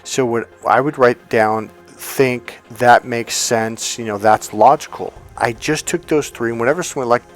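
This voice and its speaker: Animated man coaching. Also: mid-range voice, moderate pace, few pauses, faint music behind. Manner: animated storyteller, acts out quoted voices. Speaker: relationship and communication coach. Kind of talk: motivational teaching talk.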